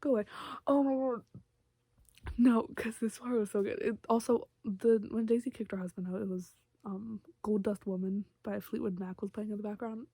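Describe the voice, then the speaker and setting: A woman's voice: medium pitch, steady tone, brisk, vocal fry, few pauses, mellow, breathy edge, dry recording. A young woman vlogger chatting casually about a book and its TV adaptation, gushing and rambling with lots of filler words. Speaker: vlogger reviewing a book and its TV show. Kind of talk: casual chat.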